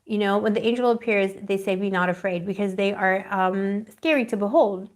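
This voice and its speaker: A woman's voice: mid-range voice, moderate pace. Rambling, affectionate woman reading tarot. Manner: rambling and affectionate, calls viewers pet names; dreamy, searching for words. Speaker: tarot reader. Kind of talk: live-streamed tarot reading.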